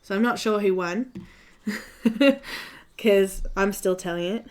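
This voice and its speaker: A woman's voice: mid-range voice, slow pace, a little mellow. A young Australian woman with an Australian accent chatting casually and telling a story, laughing often, while she colors on a live stream. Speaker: coloring channel host.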